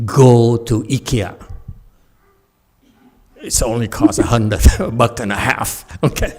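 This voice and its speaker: A man's voice: mid-range voice, lively intonation, slow pace, pauses often, a little mellow. Male meditation teacher, playful dharma talk, laughs a lot, middle voice. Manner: playful, laughs often, checks in with "okay?". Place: meditation center.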